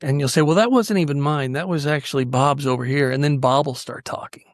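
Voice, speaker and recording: Speaking briskly in a fairly high voice, a male podcast host tells animated, earnest stories in a conversational style, often starting his sentences over. The sound is clean studio audio with no echo.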